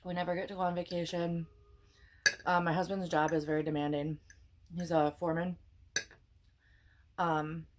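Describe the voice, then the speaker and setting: A young woman with a Wisconsin accent talks in a low, relaxed voice while cooking breakfast. She rambles, apologizes, drops the odd swear, and sounds worn out from pregnancy. A faint hiss and small clicks of kitchen work sit behind her. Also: normal speed, long pauses. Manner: rambling, chatty, self-deprecating, swears casually. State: pregnant and tired. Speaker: cooking vlogger. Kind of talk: casual chat while cooking.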